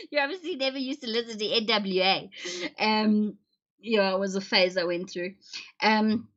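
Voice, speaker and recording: Chatting casually with her livestream viewers, a woman jokes and laughs frequently. Her voice sits at medium pitch with a fairly bright tone and a moderate pace. The audio has a dull, lo-fi quality.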